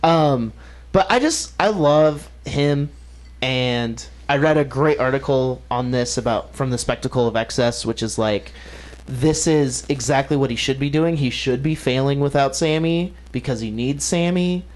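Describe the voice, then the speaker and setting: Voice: mid-range voice, measured pace. A podcast host leading a casual wrestling chat, enthusiastic and agreeable.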